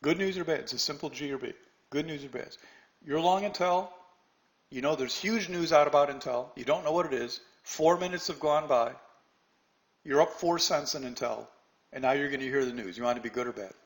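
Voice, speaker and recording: A middle-aged man teaching a live trading lesson, talking lively and putting questions to his audience. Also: fairly high pitch, fairly quick. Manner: animated, asks the audience questions, acts out a news anchor. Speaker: trading instructor.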